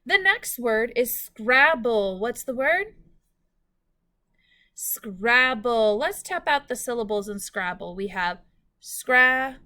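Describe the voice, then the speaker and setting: Clear, slow-spoken woman teacher. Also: on the high side, expressive, bright, forceful tone. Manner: slow, clear, instructional, stretching out words. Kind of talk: recorded classroom phonics lesson.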